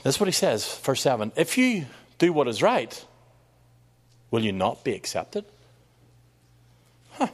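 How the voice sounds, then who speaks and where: Middle-aged man preaching; animated and conversational, voice rising and falling a lot. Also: medium pitch, a little slow, long pauses. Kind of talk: sermon.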